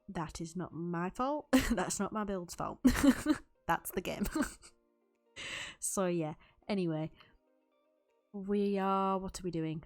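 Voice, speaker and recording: A young woman with a medium-pitched, darkish voice records a voiceover over gameplay as a YouTube Sims builder. She chats loosely over her build, rambling and laughing often.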